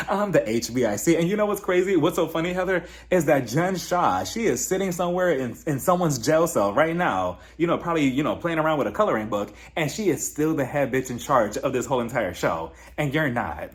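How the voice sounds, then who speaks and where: A young man giving a casual, animated recap of a reality TV episode, acting out the cast in quoted voices and laughing often. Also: a little high, fairly quick. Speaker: reality TV reviewer.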